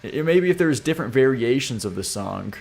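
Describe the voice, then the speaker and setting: Man, live-stream host, casual, sarcastic, laughing, mutters asides, mid pitch, faint music behind. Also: expressive, fairly quick, vocal fry, a little mellow. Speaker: streamer reviewing viewer song submissions.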